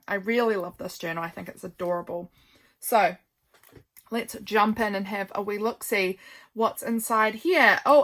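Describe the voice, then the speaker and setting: A woman's voice: medium pitch, a bit bright. A woman, chatting casually and gushing as she flips through her handmade journal, thinking aloud. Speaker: craft vlogger.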